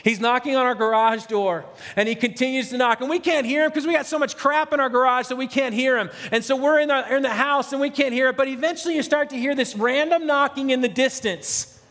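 A man's voice: extremely high pitch, fairly quick, a bit bright, in a large hall. A middle-aged man, a pastor, preaching an earnest, conversational sermon full of repetition and restarts.

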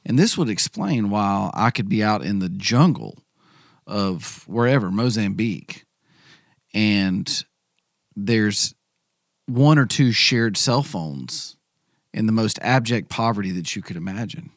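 A man's voice: fairly low pitch, expressive, slow pace, no room sound, studio quality. A man making a careful point in a casual podcast conversation. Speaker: podcast guest.

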